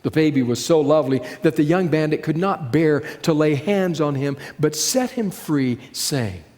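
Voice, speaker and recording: A man preaching with a fairly high voice, building scenes dramatically and then dropping low and slow for weight. His words carry a long reverb that hangs in a large hall. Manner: dramatic, slowing and dropping softly on key phrases. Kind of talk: sermon.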